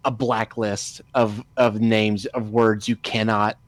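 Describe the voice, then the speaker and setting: A man's voice: on the low side, flat delivery, slow. A man in casual podcast chat who talks in a sarcastic, cynical way.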